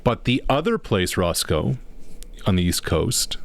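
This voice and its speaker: A man co-hosting a live sports radio show, telling stories in a casual, animated way. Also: low voice, unhurried. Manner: storytelling, animated when making a point. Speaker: sports broadcaster co-host. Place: radio studio.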